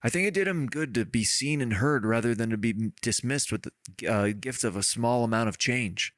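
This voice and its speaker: A man's voice: mid-range voice, normal speed, a bit bright, no room sound, clean studio sound, natural voice. A man reading out a listener's letter in the voice of an earnest male writer.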